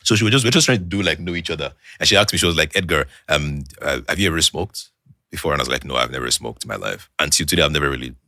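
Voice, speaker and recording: A man's voice: a bass voice, very fast, dry recording, clean studio sound. A young Nigerian man with a Nigerian English accent, a podcast guest telling a personal story in casual chat, acting out the quoted dialogue. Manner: animated storyteller who acts out quoted dialogue.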